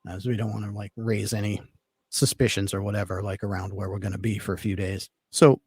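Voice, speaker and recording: This man has a fairly low, level voice that's fast, a little mellow, slightly rough, and free of echo. As a podcast guest he tells a long personal story in casual talk, rambling in a laid-back way with plenty of fillers.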